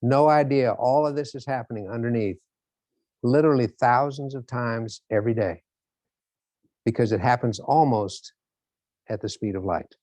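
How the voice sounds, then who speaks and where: In a dry recording, a man lectures motivationally at a moderate pace, pausing often. His voice is mid-range, and he animates his stories by acting out the scenes.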